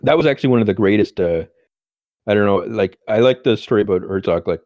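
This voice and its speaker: A man co-hosting a podcast, talking in a halting, hesitant way. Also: lowish voice, a little mellow, no echo, highs cut off. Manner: hesitant, many fillers and restarts. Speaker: podcast co-host. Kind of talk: casual chat.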